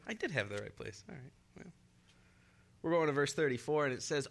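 A man's voice: medium pitch, sing-song, fairly quick, gravelly, fairly bright tone. A young man preaching a sermon in an upbeat way, laughing often and leading the congregation in call-and-response. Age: young adult.

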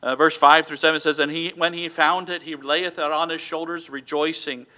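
A man's voice: fairly high pitch, flat delivery, normal speed, pushed and bright, rough recording. A man preaching a sermon who reads scripture in old King James wording and asks the congregation "Amen?" between points.

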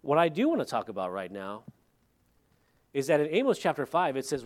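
Male pastor, mid-pitched, talky sermon delivery with wry asides. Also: wildly swooping pitch, fairly quick. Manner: conversational, with joking asides.

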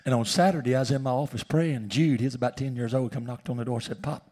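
A man preaching a sermon in church, telling a personal story and swinging from shouts down to hushed whispers. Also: mid-range voice, fast talker. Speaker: pastor. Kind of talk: sermon testimony.

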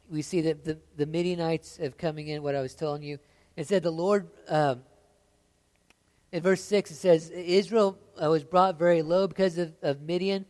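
A man preaching a sermon, reading scripture aloud with rising intensity and dropping to soft confiding asides, often stammering and restarting. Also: on the high side. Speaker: pastor.

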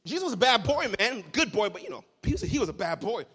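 Man, pastor, high lively voice, sermon in a reverberant hall. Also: fast, slightly rough. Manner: animated storytelling with humor and voiced asides.

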